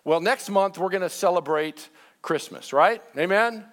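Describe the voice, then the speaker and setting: A man preaching a sermon to his church, mixing joking asides with slow, emphatic preaching. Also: high voice, a bit bright. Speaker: pastor.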